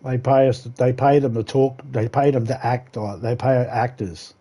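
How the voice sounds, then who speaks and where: A man's voice: medium pitch, steady tone, normal speed, warm tone, slightly rough. A man with an Australian accent, a gaming streamer ranting casually on a live stream and swearing freely. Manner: ranting, swears freely, laughs at his own jokes. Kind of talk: casual rambling chat while live gaming.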